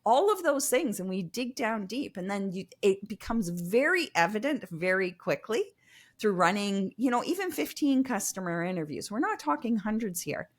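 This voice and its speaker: A woman who is a guest consultant in a casual interview, explaining her work in a lively manner with many fillers. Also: medium pitch, normal speed. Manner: explanatory, lively, uses fillers like um and you know. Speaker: customer experience consultant, guest.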